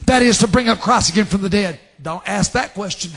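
A man preaching a fervent sermon, dropping to hushed asides and rising to shouted scripture. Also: sits high, moderate pace, creaky, pauses often.

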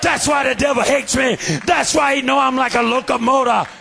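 A man preaching a fervent revival sermon in a church, shouting in a steady preacherly cadence. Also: very high voice, brisk, gravelly, a faint crowd, slight background noise. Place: church sanctuary.

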